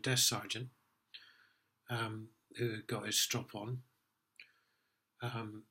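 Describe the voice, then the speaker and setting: A man's voice: medium pitch, bright, forceful tone. Aggrieved middle-aged man, sweary. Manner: aggrieved, sweary storytelling with many ums. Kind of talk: casual personal account.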